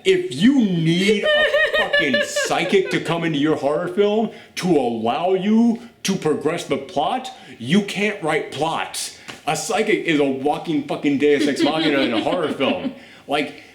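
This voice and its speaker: Profane, animated man in an echoey room. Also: on the high side, measured pace. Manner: animated and profane, acting out quotes in mocking voices. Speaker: co-host reviewing a horror film. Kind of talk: casual reaction chat.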